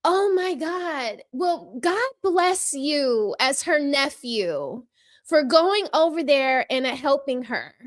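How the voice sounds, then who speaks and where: A woman hosting a casual livestream show from home, reading viewer comments and giving sassy, chatty commentary with frequent laughs. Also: high voice. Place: home room with a window open. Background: dog barking.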